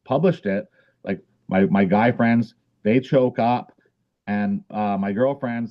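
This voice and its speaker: Man, low voice, rambling, lots of fillers, casual interview, dull lo-fi sound. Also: takes it slowly. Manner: rambling, many fillers and restarts. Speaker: podcast guest, author.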